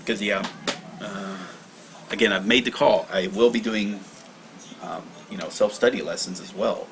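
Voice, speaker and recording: Male livestream tutor, lowish voice, rambling and self-correcting, casual teaching delivery. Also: steady tone, measured pace, background noise. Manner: rambling, self-correcting, reading aloud and explaining. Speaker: livestream study host.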